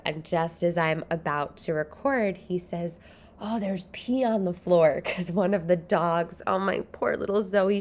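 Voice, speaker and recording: A woman hosting her own podcast, talking from home in a chatty, rambling way and laughing often. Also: on the low side. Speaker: podcast host. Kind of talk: casual solo podcast monologue. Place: home, early morning.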